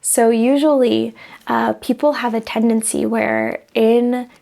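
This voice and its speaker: A woman's voice: a little high, steady tone, a little slow, gravelly, warm tone. A young woman talking casually to camera, reflective, acting out small example voices as she explains. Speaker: vlogger sharing personal growth advice.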